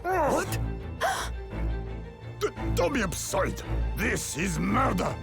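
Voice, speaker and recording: An indignant young woman in a video game, stammering and slow to speak, with a gravelly edge to her lively voice. Game music runs under her lines. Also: mid-range voice, full character voice. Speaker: game character.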